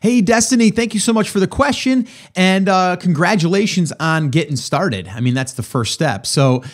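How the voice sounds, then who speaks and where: A man's voice: high-pitched, expressive, moderate pace. A man hosting a podcast, answering a listener question in a conversational coaching way, often checking in with "right?". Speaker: podcast host. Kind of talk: casual advice answering a listener.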